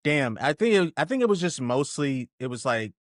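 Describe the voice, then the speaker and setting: A man hosting a podcast in casual chat, animated and swearing for emphasis, with his voice jumping up when he gets excited. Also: fairly high pitch, normal speed, no room sound, clean studio sound. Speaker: podcast host.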